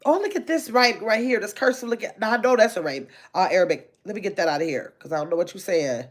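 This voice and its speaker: A woman hosting a casual livestream, reading viewer comments aloud and chatting quickly and playfully. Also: medium pitch. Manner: talks fast, says so herself; lively, chatty, laughs easily. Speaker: livestream host.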